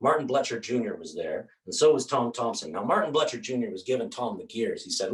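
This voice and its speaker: A man performs a solo stage show, painting as he tells a story with animation and dramatic asides. His voice is medium-pitched and brisk, captured from afar with roomy stage acoustics.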